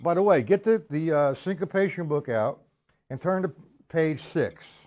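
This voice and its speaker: A man's voice: a little high, lively intonation, moderate pace, heavy background noise. A man teaching drums on a live stream, chatting casually and counting beats aloud. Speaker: drum teacher. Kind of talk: live-streamed drum lesson.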